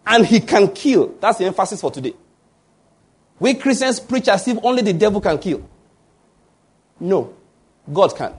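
A man's voice: high-pitched, big pitch swings, normal speed, pauses often, slightly rough. A man preaching a sermon, often asking the congregation fill-in-the-blank questions. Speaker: pastor.

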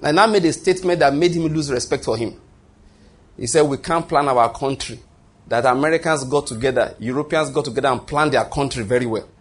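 A man's voice: medium pitch, a little fast, husky. A man preaching a sermon, emphatic and repetitive, often restarting his phrases.

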